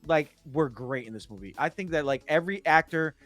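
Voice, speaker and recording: A man casually discussing a movie on a podcast, animated and excitable, acting out scenes as he goes. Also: a little high, a little fast, no echo, faint music behind. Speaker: podcast host.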